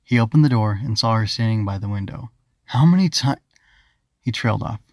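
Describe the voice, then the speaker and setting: A man narrating his own children's story as an audiobook, in a calm, even storytelling manner. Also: on the low side, quick pace, no room sound, clean studio sound. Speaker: author and narrator.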